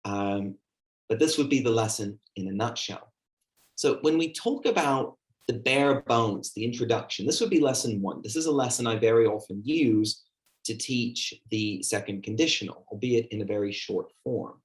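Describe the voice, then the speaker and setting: His voice sits on the low side and moves at a moderate pace. He's a teacher trainer running an online workshop, talking chattily with lots of fillers while acting out how he speaks to students.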